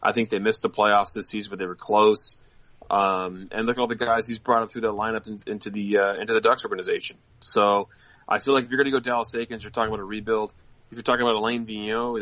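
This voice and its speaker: Bright-voiced man on a dull dry mic. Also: lowish voice, steady tone, fast, no echo. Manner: opinionated, reads viewer chat questions aloud. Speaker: co-host of a hockey fan show. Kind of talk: casual podcast chat.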